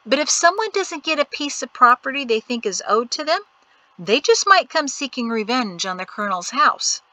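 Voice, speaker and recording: A protective mother hurries her children along with brisk instructions, as a woman reads her. The voice is high and bright, dry and close to the mic. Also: very animated, no echo, exaggerated voice, low-quality recording.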